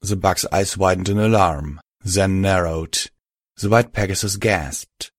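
A man narrating a fiction audiobook in a measured storytelling voice. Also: low voice, no echo, studio quality.

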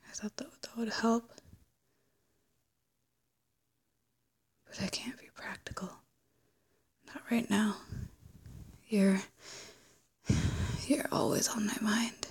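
A wistful, teasing ex-lover, acted by a young woman in a whispered role-play. Her breathy whisper has a husky, gravelly edge, and she takes her time, trailing off and starting over. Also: medium pitch, fairly even intonation, slow pace, pauses often, exaggerated voice. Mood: regretful, longing. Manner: hushed, hesitant, with trailing restarts.

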